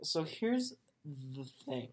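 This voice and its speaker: A woman's voice: sits low, big pitch swings, takes it slowly, a little mellow, husky. A Canadian woman co-hosting a podcast in casual chat, rambling, swearing freely and restarting her sentences. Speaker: podcast co-host.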